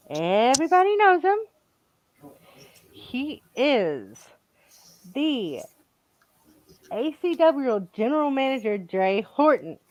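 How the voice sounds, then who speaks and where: A woman's voice: a little high, no echo, muffled recording. A woman hosting a live online show over a video call, chatty and laughing often. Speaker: show host. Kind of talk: casual live-stream hosting.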